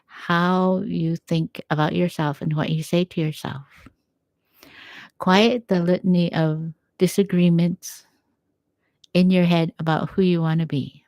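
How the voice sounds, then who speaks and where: A woman giving a gentle, encouraging faith talk at home, quoting scripture as she reflects. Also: lowish voice, no echo. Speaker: faith speaker.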